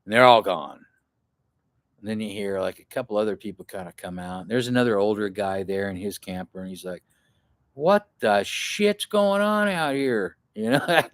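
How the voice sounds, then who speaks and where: A man vlogging to camera, telling a rambling, profane camping story in a casual way and acting out what other people shouted. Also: low voice, a little fast, dry recording. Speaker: outdoor adventure vlogger.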